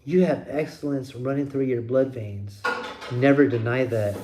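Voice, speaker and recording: A man's voice: mid-range voice, a little slow, dark tone, a little hiss or hum. A man hosting his own channel, delivering a blunt, profane opinion rant with plenty of emphasis. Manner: blunt, emphatic, heavy swearing. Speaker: channel host.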